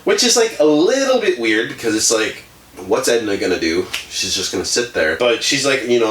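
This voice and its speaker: A man's voice: medium pitch, sing-song, moderate pace, a bit bright, recorded from a distance, slight background noise. A young man reviewing a book in a casual, profane, rambling way, full of fillers, half-acting the characters as he retells the plot. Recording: roomy, a bit off-mic.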